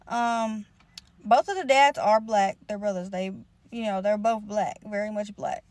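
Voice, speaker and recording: A woman's voice: mid-range voice, measured pace, darkish tone, no room sound. A young woman telling a personal story to her channel in a casual, profane, slangy way, rambling with lots of filler words.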